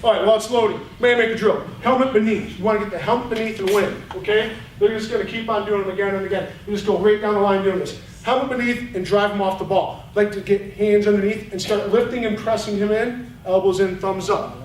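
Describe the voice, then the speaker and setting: High-pitched and quick, with few pauses, a male football coach rattles through game film at a clinic. His manner is blunt, fiery, animated, and fired up. The audio is roomy, taken from a distant mic, and carries faint noise.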